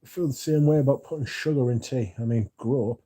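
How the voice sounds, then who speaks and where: A young British man with a warm, mid-range voice talks fast while hosting a casual livestream. Drowsy and yawning, he chats loosely, reads out viewer comments and uses lots of filler words.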